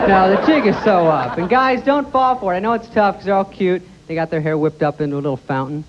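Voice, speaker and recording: A man's voice: sits high, very animated, fairly quick, over a noisy crowd, heavy background noise. A young man doing a stand-up routine on a TV studio stage, sarcastic and jumpy, acting out little voices as he goes. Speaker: stand-up comedian. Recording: dull early 90s TV audio with loud audience.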